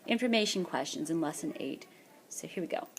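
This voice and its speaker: A woman teacher narrating a screencast lesson, explaining patiently and repeating French words slowly for practice. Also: low-pitched, lively intonation. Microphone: tablet or headset mic for screencast voice-over.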